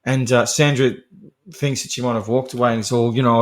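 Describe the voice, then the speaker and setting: A man's voice: medium pitch, steady tone, a little fast. A man hosting a podcast, casually recapping a film in a profane, laughing, rambling monologue. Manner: chatty and profane, laughing often; digressive, full of fillers and restarts. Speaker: podcast host.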